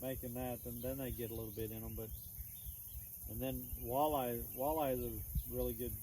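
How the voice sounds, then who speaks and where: Casting note: laid-back Texan man, mid pitch, rambling stream chat outdoors, faint crickets behind. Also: fairly even intonation, normal speed, dark tone, slight background noise, poor audio. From Texas. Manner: rambling, easygoing, with many restarts. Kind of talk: casual chat. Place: outdoors in the countryside. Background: crickets and insects chirping faintly.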